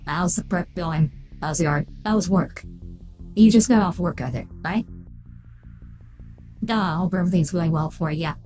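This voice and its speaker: Woman game streamer, voice run through a changer, lowish warm tone, casual rambling, thanks followers. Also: normal speed, pauses often, soft background music. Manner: rambling, thanks followers, reads chat aloud. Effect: voice changer filter. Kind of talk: casual live-stream chat while playing.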